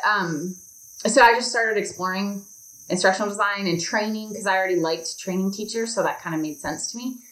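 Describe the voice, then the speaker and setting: An instructional designer chats casually as a guest on a podcast, talking freely with lots of ums and likes. Her voice is on the low side with a fairly bright tone, and the recording has a roomy echo.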